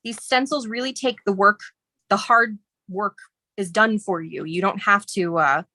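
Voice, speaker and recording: A woman's voice: mid-range voice, unhurried, bright, forceful tone, dry recording. A woman from near St. Louis, a guest designer who explains a stencil project in a friendly, chatty way and laughs often. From Southern Illinois, near St. Louis. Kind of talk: casual craft demonstration.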